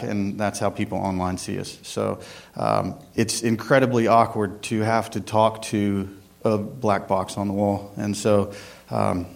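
A man's voice: on the low side, creaky. A man, a church worship director giving a casual, rambling sermon with prayer and a joke, full of ums and uhs. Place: church sanctuary.

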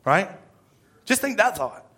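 A man preaching a conversational sermon, with a lively drawl and frequent "right?" asides. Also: sits high, slow, husky. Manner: energetic, conversational, tag questions. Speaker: pastor.

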